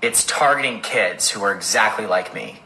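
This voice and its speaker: A man's voice: lowish voice, moderate pace, bright, forceful tone, slight background noise, poor audio. A young man giving an earnest, direct commentary to the camera. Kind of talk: commentary video.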